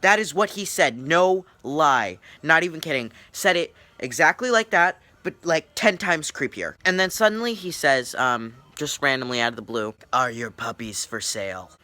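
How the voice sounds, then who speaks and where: A young man telling a story time vlog in an excited, rambling way, with swearing. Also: fairly high pitch, moderate pace, few pauses, no room sound. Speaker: YouTuber.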